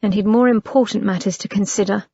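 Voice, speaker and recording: A woman narrating an audiobook in a measured, expressive reading. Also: mid-range voice, breathy edge, no room sound, highs cut off.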